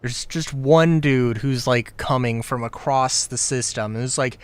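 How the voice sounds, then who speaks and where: A man's voice: medium pitch, measured pace, smooth, no echo. A man hosting a casual gaming livestream, ranting profanely and animatedly into a close mic. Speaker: livestream host. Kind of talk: casual gaming stream talk.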